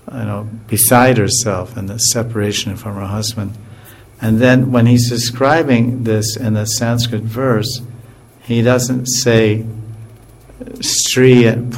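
A man giving an informal scripture class in a relaxed way, with chuckles and frequent fillers and restarts. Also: on the low side.

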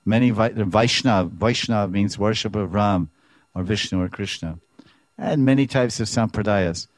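A man's voice: on the low side, measured pace, dry recording. A man giving a devotional lecture as a Vaishnava teacher, speaking expressively, repeating words and making playful sound effects.

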